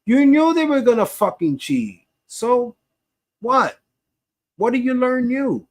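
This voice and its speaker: A man's voice: very high voice, big pitch swings, takes it slowly. A man co-hosting a wrestling podcast, ranting and swearing heavily in casual chat. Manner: profane, ranting. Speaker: podcast co-host.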